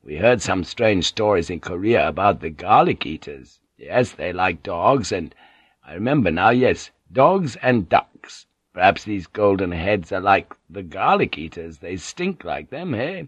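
A man's voice: low-pitched, big pitch swings, measured pace, breathy edge, no echo, full character voice. A man voicing an older samurai soldier in an audiobook, rambling and gossipy. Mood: musing. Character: older male samurai soldier, crude and helpful. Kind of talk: audiobook character reading.

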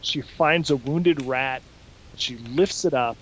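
A man hosting a podcast, casually recapping a show in an animated way and swearing freely. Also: medium pitch, slow pace, a little hiss or hum, poor audio. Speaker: podcast host. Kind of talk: casual chat, recapping an episode.

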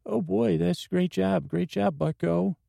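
A man's voice: high-pitched, a little slow, vocal fry, warm tone, no echo, studio quality, pitched above the performer's own voice, heavily acted. A man voicing a goofy, eager grown man with a folksy, chirpy manner in an improvised comedy scene. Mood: chirpy host. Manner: folksy, chirpy, says buckaroos and bucko.

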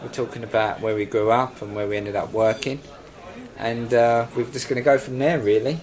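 A man's voice: medium pitch, fairly even intonation, moderate pace, a little mellow. A man with a London accent telling comic stories with wry, mock-posh asides, then hosting a chat. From southeast London. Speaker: host. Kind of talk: stand-up comedy then group chat. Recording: crowd laughter behind.

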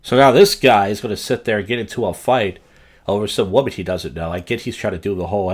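Low-voiced man, crude wisecracking host. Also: fairly even intonation, fairly quick. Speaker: podcast host. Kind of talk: comedic commentary over a video clip.

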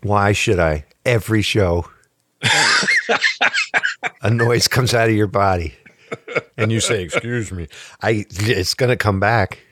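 A man's voice: fairly low pitch, a bit bright, dry recording, clean studio sound. A male podcast host in casual chat, playful and teasing. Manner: playful, teasing, quick to laugh.

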